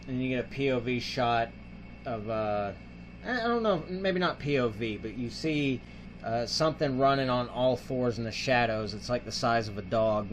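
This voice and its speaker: A man's voice: mid-range voice, normal speed, slight background noise. Rambling man retelling a film plot. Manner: rambling, filler-heavy, acts out the characters' lines. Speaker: host. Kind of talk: casual film review.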